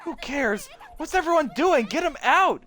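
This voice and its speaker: A streamer voicing a shrill, demanding teenage schoolgirl in a game read aloud on a live stream. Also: lively intonation, normal speed, faint music behind. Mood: alarmed. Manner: loud, shrill, accusing.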